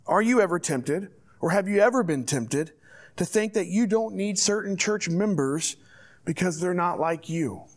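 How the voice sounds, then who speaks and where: High-voiced male pastor preaching. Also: lively intonation, normal speed. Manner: earnest, direct exhortation. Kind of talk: sermon.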